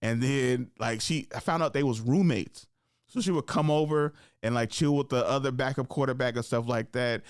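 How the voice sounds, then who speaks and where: A man hosting a casual podcast, talking in an animated, laughing way and working himself up into passionate rants. His voice sits at an ordinary middle pitch, and it's recorded dry and close, with no room sound. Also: moderate pace, clean tone, no room sound. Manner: conversational storyteller. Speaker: podcast host.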